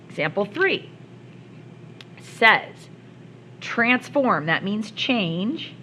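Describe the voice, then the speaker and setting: Math teacher walking through steps. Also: female voice, mid-range voice, fairly bright tone, slight background noise, rough recording. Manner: step-by-step, talks herself through worked examples, playful asides. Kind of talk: recorded classroom lesson.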